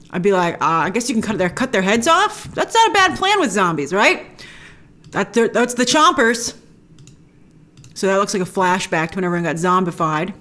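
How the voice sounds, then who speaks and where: A woman hosting a trailer breakdown show in casual commentary, chatty and enthusiastic, often jumping into high excited remarks.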